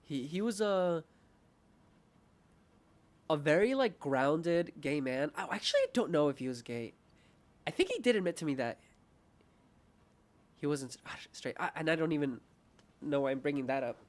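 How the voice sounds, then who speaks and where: A man's voice: on the high side, lively intonation, moderate pace, long pauses. Rambling, laughing young man chatting. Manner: rambling, self-mocking, laughs often, acts out quoted voices. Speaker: podcast host. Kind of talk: casual heart-to-heart chat.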